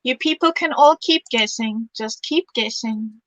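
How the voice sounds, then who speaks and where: A woman's voice: on the high side, a little slow, a bit bright, no room sound, highs cut off. A woman hosting a live craft stream, reading viewer comments aloud, enthusiastic and teasing. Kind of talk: casual live-stream chat.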